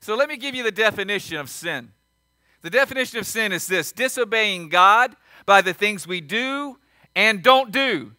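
A man's voice: high voice, animated, moderate pace, sharp tone, dry recording. A man pastor preaching a sermon, repeating his key lines and asking the congregation questions.

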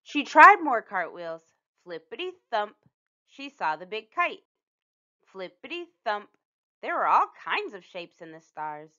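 Woman storytime reader, slow and animated, bright tone, lo-fi sound. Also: mid-range voice. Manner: animated, playful sound effects. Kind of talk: read-aloud children's storytime.

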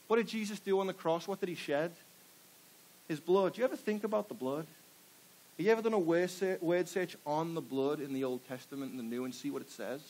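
A man's voice: fairly high pitch, a little fast, darkish tone, low-quality recording. A man preaching a sermon to a congregation, firing rhetorical questions and pushing for call-and-response answers. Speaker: pastor. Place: church before a live congregation.

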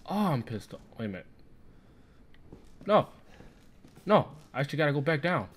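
A man's voice: fairly high pitch, sing-song, moderate pace, breathy edge. A man muttering profane, frustrated commentary as he plays a game, with sudden startled outbursts. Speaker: gameplay streamer. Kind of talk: live gameplay commentary. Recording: game music loud behind the voice.

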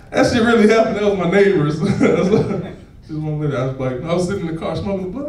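A man performing a profane stand-up comedy set on a club stage, laughing and shouting as he tells stories. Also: high voice, animated, fairly quick, slight background noise. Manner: loud, laughing, profane storytelling to a crowd. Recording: echoey club recorded from far off.

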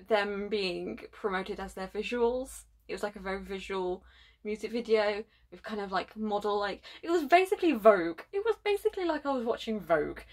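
A young woman hosting a reaction vlog, gushing breathlessly, sighing and slipping into soft whispers as she talks. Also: medium pitch. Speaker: reaction video host. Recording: faint music behind.

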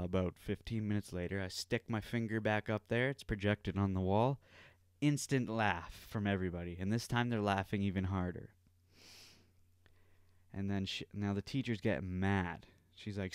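Low-voiced man telling a rambling story. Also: fairly even intonation, normal speed, clear, resonant tone, dry recording, studio quality. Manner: rambling, swears freely. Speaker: podcast host. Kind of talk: casual storytelling.

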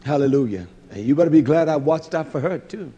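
A man preaching a sermon to his congregation, blunt and combative, with slangy talk that drops to low mutters and rises to loud outbursts. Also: lively intonation, fast talker, highs cut off. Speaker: congregation leader.

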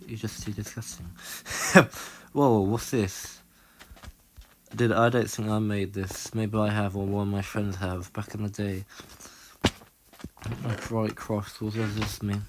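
A young man giving rambling, excitable commentary while playing a video game. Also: measured pace, slight background noise. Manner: excitable, rambling, jumps to high squeals. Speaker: gaming channel host. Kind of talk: casual let's-play commentary.

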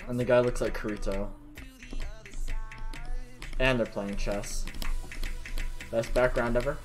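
A man's voice: medium pitch, steady tone, slow pace, music in the background. A young man streaming a game, swearing and panicking as he talks to his viewers. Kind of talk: frustrated gaming stream commentary.

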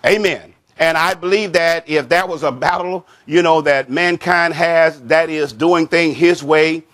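A man preaching a sermon as pastor, slow and emphatic, repeating phrases and saying "amen" often. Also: on the high side, a bit bright.

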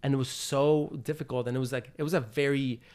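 A man's voice: mid-range voice, fairly even intonation, fast talker, a little mellow. A man being interviewed as a guest, telling a personal story in a loose, casual way full of "like" and "you know.". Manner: acts out his own past thoughts in quotes. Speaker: interview guest, TV host and producer.

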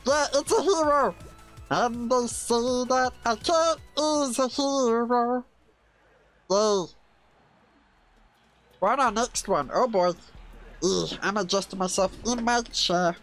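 A woman's voice: on the high side, slow pace, pauses often, faint music behind. A woman doing Stitch, a giggly blue alien. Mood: excited. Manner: giggly, cheers a lot. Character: small mischievous blue alien, excitable and playful. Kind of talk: playing a character while gaming.

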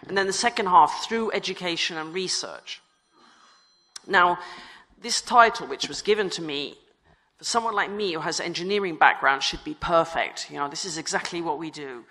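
In an echoing conference hall, a female conference speaker talks at a moderate pace in a lowish, sharp voice. Her style is chatty and self-mocking, full of fillers and restarted sentences.

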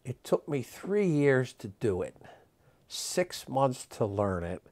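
A man imitating a soft-spoken older male stage magician with a slight accent and gentle, lisping showman patter. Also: medium pitch, sing-song, takes it slowly, pitched above the performer's own voice.

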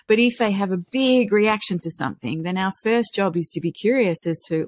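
A middle-aged woman, a guest on a podcast, explaining calmly and earnestly, often acting out what a parent might say. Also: medium pitch, a little fast. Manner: warm, earnest, explains with acted-out examples. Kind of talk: podcast interview.

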